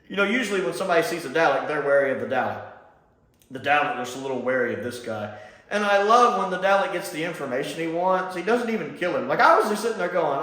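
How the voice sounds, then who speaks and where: A man from Mississippi chatting casually as he reviews a show, lively and laughing often. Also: on the high side, quick pace. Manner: animated and chatty, laughs often, does mocking voices. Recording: echoey room.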